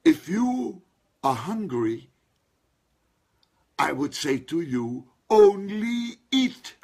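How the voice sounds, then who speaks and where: A man's voice: mid-range voice, very animated, extremely slow, creaky, husky. A man preaching a sermon, stressing single words and calling on his listeners to respond. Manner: emphatic, calls on listeners to respond.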